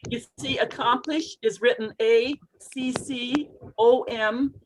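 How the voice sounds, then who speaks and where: A woman coaching English pronunciation in an online group lesson, expressive and encouraging as she models phrases for learners to repeat. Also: fairly high pitch, takes it slowly, noisy background.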